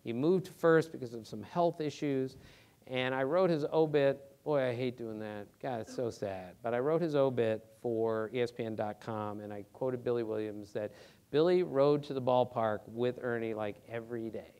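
A middle-aged man, a sports reporter, answering audience questions on a theater stage in an animated, earnest way, with emphatic rhetorical questions. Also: mid-range voice, normal speed, smooth. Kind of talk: live Q&A talk.

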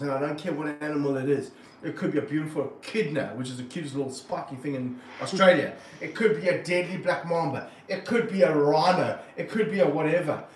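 Passionate high-voiced wildlife presenter. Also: male voice, echoey room, distant mic. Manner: earnest, passionate, animated while handling snakes. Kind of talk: casual livestream talk.

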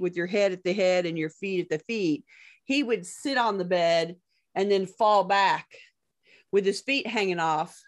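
A woman podcast host and professional organizer, chatting casually, telling stories and laughing often. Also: medium pitch. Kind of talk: casual chat.

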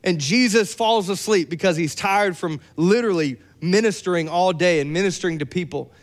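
A young adult man preaching a sermon, lively and joking with playful asides. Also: high-pitched, brisk. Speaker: pastor.

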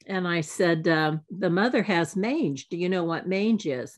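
A woman in her seventies giving a talk, telling lively anecdotes and acting out the exchanges she quotes. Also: low-pitched, moderate pace, hardly any pauses. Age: 70s. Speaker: alumni speaker. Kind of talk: storytelling talk.

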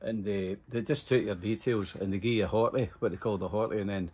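A man's voice: fairly low pitch, fairly even intonation, quick pace, mellow, slightly rough. An older Scottish man telling rambling, profane stories in casual conversation, full of fillers and asides. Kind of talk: casual storytelling.

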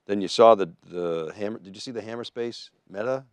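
A man co-hosting a podcast, talking briskly and upbeat in casual chat. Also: fairly low pitch, no room sound. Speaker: podcast co-host.

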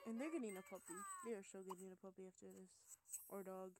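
A woman's voice: mid-range voice, steady tone, fast, noisy background. A young woman in casual gameplay commentary, chatty and giggly, her voice tired, rambling and sometimes dropping to a whisper. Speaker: gameplay video host.

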